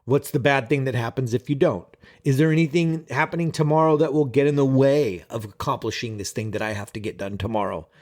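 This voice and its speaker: A man's voice: mid-range voice, fairly quick, a little mellow. A man vlogging as a productivity coach, talking casually and profanely straight to his viewers. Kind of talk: casual vlog monologue.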